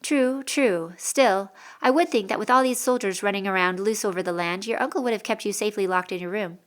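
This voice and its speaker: A woman's voice: mid-range voice, a little fast, natural voice. Lady reading a bossy soldier guy, sarcastic, talks down to kids, storybook. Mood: mocking. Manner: sarcastic, commanding. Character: gruff adult male soldier captain, mocking, bossy.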